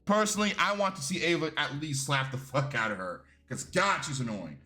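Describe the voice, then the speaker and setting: Bright-voiced, profane male wrestling reviewer. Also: on the high side, fast. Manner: profane, animated and opinionated. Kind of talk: casual video review.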